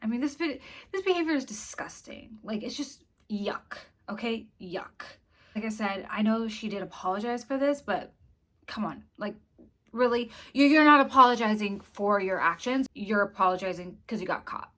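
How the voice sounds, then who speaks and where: A woman's voice: on the high side, normal speed, pushed and bright. Blunt, disgusted woman vlogger. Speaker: commentary vlogger host. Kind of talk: casual commentary to camera.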